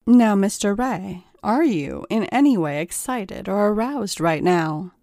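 A woman voicing a smug, teasing female lawyer who questions a witness slowly and coolly. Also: medium pitch, lively intonation, a little mellow, no room sound, clean studio sound.

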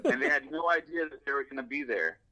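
A man's voice: medium pitch, expressive, fast talker, sharp tone, poor audio. A man sharing fan stories in casual chat, enthusiastic and quoting movie lines.

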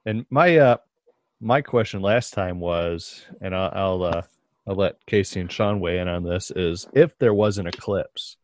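A man with a lowish voice chats loosely in a casual podcast and keeps posing questions to the group. His tone is conversational and curious. The mic is close and dry. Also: unhurried, no room sound. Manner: chatty, questioning.

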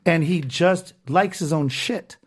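A man's voice: fairly high pitch, slow, husky. Ranting, profane podcast host, a man. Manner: profane, ranting, reads comments aloud. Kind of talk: casual podcast chat.

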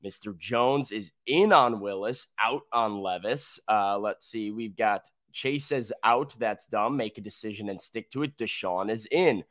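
A man co-hosting a sports talk show, briskly rattling off viewer responses from the chat with casual "uh"s between them. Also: on the low side, fairly bright tone, no echo, studio quality. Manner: brisk, list-like delivery with filler "uh"s.

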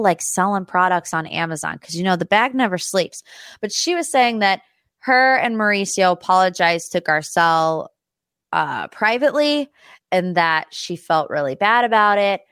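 A woman's voice: fairly low pitch, lively intonation, moderate pace, fairly bright tone, smooth, dry recording, clean studio sound. A young woman hosting a podcast, talking casually and chattily about pop culture news with plenty of asides. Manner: chatty and gossipy, with lots of asides and fillers. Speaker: podcast host.

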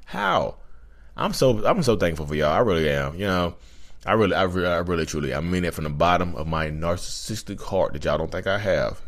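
A man hosting his own channel, talking casually and animatedly to his listeners and calling them y'all over and over. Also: extremely low pitch. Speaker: self-aware narcissist channel host. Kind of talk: casual direct-to-camera talk. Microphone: podcast-style recording.

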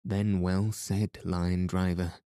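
A man's voice: sits low, flat delivery, slow, warm tone, smooth, no room sound, studio quality. A man reading the lines of an outspoken, spirited young noblewoman.

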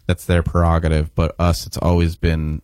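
A man in a band, chatting casually in an interview, relaxed and rambling with jokes. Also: low-pitched, normal speed, smooth, no room sound, clean studio sound. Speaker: busking band member.

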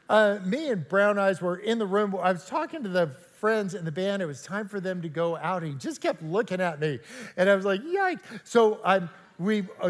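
An older man giving an animated, jokey storytelling sermon at a church service. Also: sits high. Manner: animated, jokey, acts out quoted exchanges. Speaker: guest speaker at a church service. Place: large church sanctuary. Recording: long hall reverb.

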